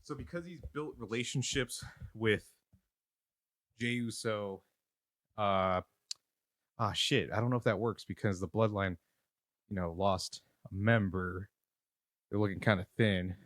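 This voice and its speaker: A man's voice: on the low side, unhurried, pauses often, a bit bright, no echo, studio quality. A man co-hosting a casual wrestling podcast, out of breath and thinking aloud with casual swearing. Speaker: podcast co-host. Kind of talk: casual chat about wrestling.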